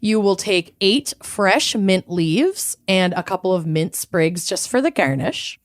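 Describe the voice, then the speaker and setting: A young adult woman co-hosting a podcast, casual, giggly and swearing, audibly high. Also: animated, unhurried. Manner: giggly, swearing, loose and rambling. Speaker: podcast co-host. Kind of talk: casual chat.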